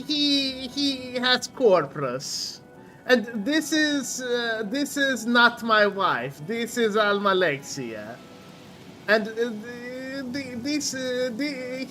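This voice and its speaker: A man's voice: very high voice, bright, forceful tone, heavily acted. A man doing a boastful foreign reporter impression. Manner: proud, halting tour-guide delivery.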